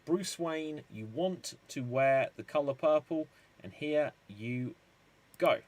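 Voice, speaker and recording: A man hosting a live-streamed improv show, upbeat and quick to laugh. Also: fairly high pitch, darkish tone, no echo. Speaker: improv game host.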